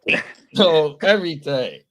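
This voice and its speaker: A laid-back man co-hosting a podcast, with a voice a little higher than most men's. He talks in easy slang and keeps agreeing with stock phrases, in a relaxed and unhurried way. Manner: laid-back, slang-heavy, repeats affirmations. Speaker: co-host reading chat comments. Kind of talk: casual podcast chat.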